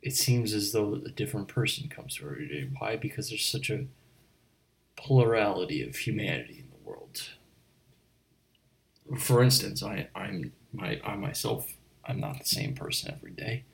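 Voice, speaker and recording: A man in a whispered role-play, playing a chatty, rambling late-night bartender who stammers and speaks softly. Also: fairly low pitch, big pitch swings, moderate pace, gravelly, low-quality recording. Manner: rambling, stammering, soft-spoken.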